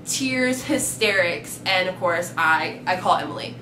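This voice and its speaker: A young woman with a drawl telling a high school story in casual vlog style, acting out the quoted lines. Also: lively intonation, measured pace. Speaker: vlog co-host. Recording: echoey room with faint noise.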